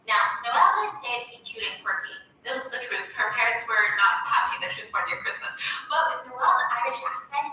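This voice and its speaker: A woman's voice: fairly high pitch, pushed and bright. A woman chattily retelling a story in a gossipy way, full of "like" and "you know.". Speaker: vlogger. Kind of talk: casual storytelling retelling a plot. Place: room at home, working at a table. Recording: echoey room, distant mic, faint noise.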